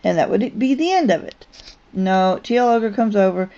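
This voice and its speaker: Woman vlogger, dark mellow tone, casual and rambling storyteller, full of ums and restarts. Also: medium pitch, expressive, moderate pace. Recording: dull lo-fi recording.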